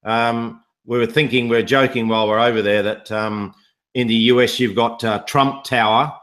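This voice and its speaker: A man with a medium-pitched voice talks over a live video call. He rambles through jokey stories and tips in a relaxed, conversational way. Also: moderate pace. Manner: joking, rambling storyteller. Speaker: online business promoter. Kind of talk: casual live video chat.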